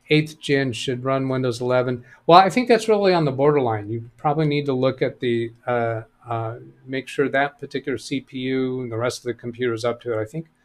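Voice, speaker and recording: Casual male live stream host. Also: medium pitch. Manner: thinks aloud, reads chat messages and answers them. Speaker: live stream host answering computer questions. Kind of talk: casual live stream chat, reading viewer comments.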